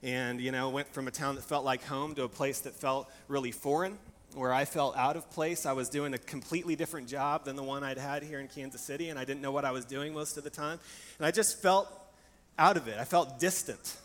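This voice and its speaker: A man's voice: a little high, fairly even intonation, fairly quick, a bit bright. A young adult man preaching a sermon, telling stories in a candid, conversational and personal way. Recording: long hall reverb, faint background hiss.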